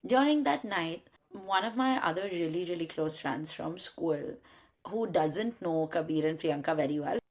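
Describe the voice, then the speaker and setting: Animated young woman telling a story. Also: fairly low pitch, moderate pace. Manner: animated storytelling, acts out quoted friends. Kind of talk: casual chat.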